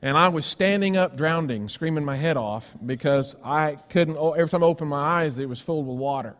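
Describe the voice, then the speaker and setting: Male pastor, storytelling sermon, slightly high voice, long church echo. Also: brisk. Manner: storytelling with sudden loud screams and hushed asides. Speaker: preacher. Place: church sanctuary.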